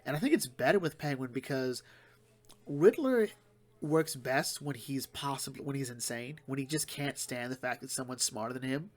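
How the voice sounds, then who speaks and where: A man's voice: mid-range voice, animated. Man rambling through a comic review. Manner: rambling, retells plots quickly with fillers and restarts. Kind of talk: casual solo commentary.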